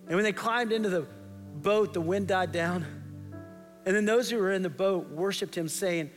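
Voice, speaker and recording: A man's voice: high-pitched, brisk, fairly bright tone, in a large hall, soft background music. A man preaching a sermon as pastor, conversational and impassioned, repeating key phrases.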